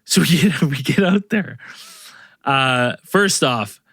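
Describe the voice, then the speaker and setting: A man's voice: medium pitch, expressive, takes it slowly, fairly bright tone, no room sound, clean studio sound. A middle-aged man, a podcast host, telling a rambling story to co-hosts with many fillers and restarts. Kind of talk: casual storytelling among co-hosts.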